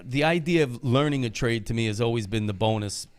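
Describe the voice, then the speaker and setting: A man's voice: mid-range voice, brisk, clean tone. A man hosting a casual podcast, talking loosely and profanely about working in the trades. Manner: loose, profane, laughs often. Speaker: podcast host.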